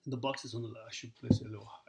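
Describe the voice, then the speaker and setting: A man explaining a math lesson in a recorded video, with a gravelly edge and a pitch in the middle range. He talks to his students as he works through each step and counts the numbers aloud. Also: fairly even intonation, very fast, a little mellow, slight background noise. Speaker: math teacher.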